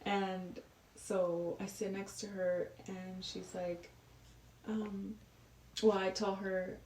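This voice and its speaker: A woman's voice: medium pitch, level tone, takes it slowly, darkish tone, slight background noise. A woman in her twenties, a podcast guest, telling a personal story in a casual, chatty way with a lot of "like" fillers. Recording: roomy echo, distant from the mic.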